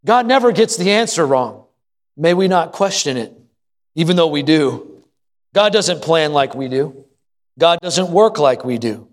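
A man's voice: on the high side, lively intonation, a little slow. A middle-aged man preaching a sermon as pastor, telling folksy family stories and asking the congregation questions. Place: church sanctuary. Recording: long hall reverb.

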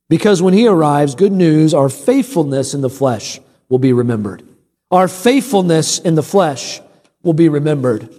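A middle-aged man, a pastor delivering a sermon. He builds emphatic repeated lines and drifts into relaxed personal stories. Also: on the high side, big-room sound. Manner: preaching with rising emphatic repetition, then easy storytelling asides. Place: church sanctuary.

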